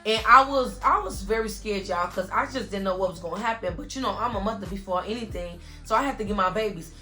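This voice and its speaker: Her medium-pitched voice comes out quick, pushed and bright as this young woman vlogger works through an emotional story-time monologue. She stays earnest, speaking directly to viewers and using "y'all" again and again.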